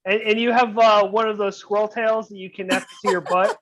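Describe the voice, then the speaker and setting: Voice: mid-range voice, fairly even intonation, fairly quick, background noise. A player in a tabletop game, teasing the others with wisecracks. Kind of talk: casual tabletop banter. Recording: dull lo-fi sound.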